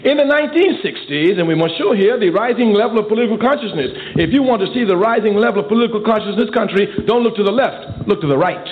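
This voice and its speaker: A man delivers a political speech with emphatic, rhetorical force, building his points through repetition. His voice sits fairly high for a man. The audio is narrow and tinny, like an old phone line. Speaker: political speaker. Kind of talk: oratorical speech.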